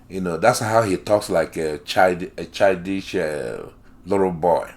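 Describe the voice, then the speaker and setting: A man's voice: low voice, a little slow. A man reading an article aloud and commenting on it. He talks in an emphatic, repetitive and sarcastic way.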